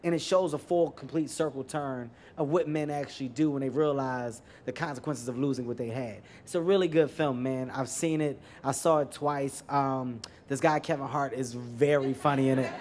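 A man from Philadelphia, a comedian, telling animated, emphatic stories at a live Q&A on a handheld mic. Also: mid-range voice, normal speed, hardly any pauses, slight background noise. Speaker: comedian guest. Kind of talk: moderated Q&A discussion. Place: live venue with audience.

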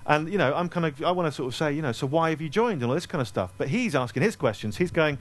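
A man, telling comic anecdotes to a live audience at a store event in a self-deprecating, animated way. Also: fairly high pitch, fast talker, few pauses. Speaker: author speaking at a store event.

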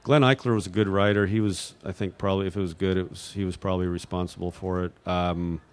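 A man from New Mexico with a fairly low voice, fielding questions from an audience. He rambles, stalls on fillers, and restarts his sentences often. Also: steady tone, fast talker, clear, resonant tone. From New Mexico, USA. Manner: hesitant, full of fillers and restarts. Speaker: guest at audience Q&A. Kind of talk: rambling unscripted answers.

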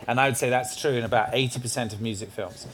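Brief: a mid-pitched panelist, lively and teasing in his stories. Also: fast talker. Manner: animated storyteller, teasing. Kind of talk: panel anecdotes.

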